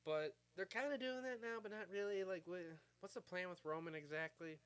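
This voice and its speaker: A man's voice: high-pitched, moderate pace, fairly bright tone, clear, resonant tone. Rambling, profane man in his thirties. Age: 30s. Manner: profane, rambling, full of fillers. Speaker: vlogger. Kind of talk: casual rant to camera.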